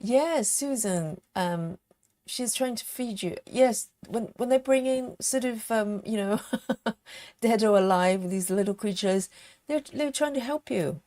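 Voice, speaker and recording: A woman's voice: mid-range voice, a little slow, a little mellow. A woman chatting casually on a live stream as she stitches, giggling often and reading out viewer comments.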